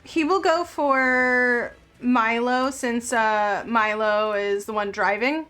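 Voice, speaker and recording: High-voiced woman running a tabletop game. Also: soft background music. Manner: unhurried, lots of ums, bursts of excitement at rolls. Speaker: game master.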